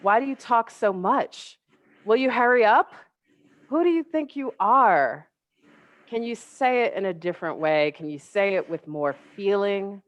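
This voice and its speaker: A scornful demon tempter, put on by a woman, hurling slow belittling questions one after another. The recording is dry and dull, like lo-fi webinar audio. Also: mid-range voice, expressive, no room sound, close to an everyday voice. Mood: mocking. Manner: rapid-fire mocking questions, belittling. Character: taunting demon tempter, mocking and interrogating.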